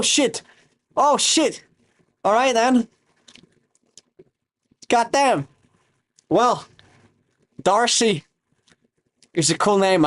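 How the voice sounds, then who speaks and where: A young Romanian streamer rambles loosely while cooking on a casual livestream, often stopping to read and reply to his chat. His voice is a bit high for a man, and his accent is a mixture mostly picked up online.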